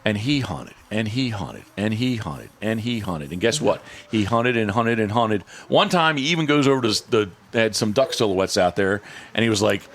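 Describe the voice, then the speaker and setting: A man's voice: on the low side, moderate pace, slight background noise. A man hosting a casual podcast, telling a story with lots of repeats and restarts and acting out what others said. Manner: animated storyteller, repeats words, frequent restarts; acts out other people's lines in hushed or shifted tones. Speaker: podcast host and dog handler.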